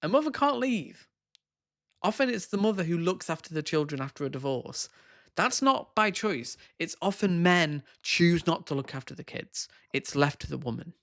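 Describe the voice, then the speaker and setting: A man's voice: a little high, animated, moderate pace, creaky, fairly bright tone, no room sound, studio quality. A man giving reaction commentary on video clips, scornful and sarcastic in his asides.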